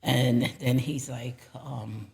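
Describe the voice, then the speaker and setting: A woman guest on a podcast, telling a personal story in a low-key, rambling way with many fillers. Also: fairly even intonation, slow, creaky, mellow. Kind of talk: casual storytelling.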